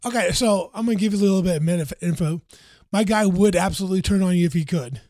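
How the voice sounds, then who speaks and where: A man's voice: high voice, fast, darkish tone, no echo, clean studio sound. A man playing a tabletop game with his friends, talking in a sassy, playful way. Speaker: player. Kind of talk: casual tabletop game chat.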